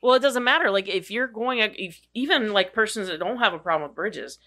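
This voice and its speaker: Podcast co-host, gravelly and bright, rambling casual chat with fillers and cussing. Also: mid-range voice, a little fast. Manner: rambling, lots of fillers and swearing.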